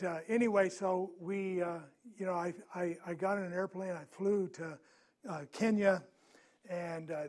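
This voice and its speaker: Male preacher, high-pitched, conversational sermon storyteller who asks his listeners questions. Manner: grows louder and more urgent at tense moments.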